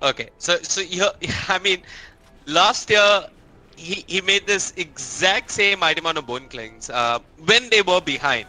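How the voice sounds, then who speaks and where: Male esports caster with a high, bright voice who gets excitable in big fights. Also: measured pace, rough recording. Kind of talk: live game commentary.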